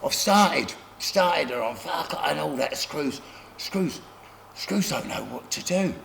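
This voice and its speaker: A middle-aged man, telling rough stories from his life as an interview guest, often laughing and acting out other people. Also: fairly high pitch, lively intonation, slow pace, fairly bright tone, a little hiss or hum. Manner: gravelly, laughing anecdotes, acts out other voices. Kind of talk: casual storytelling.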